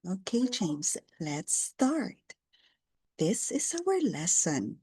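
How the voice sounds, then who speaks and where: A woman teaching an English lesson to a young learner, speaking slowly, repeating words and praising often. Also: medium pitch, warm tone, no room sound, studio quality.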